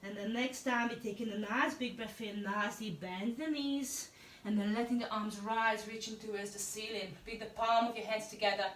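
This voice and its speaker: Calm woman guiding a yoga class. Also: medium pitch, normal speed, a little hiss or hum. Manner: calm, encouraging cueing of breath and poses. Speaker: yoga and pilates instructor. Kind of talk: guided yoga class instruction. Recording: echoey room, voice from a distance.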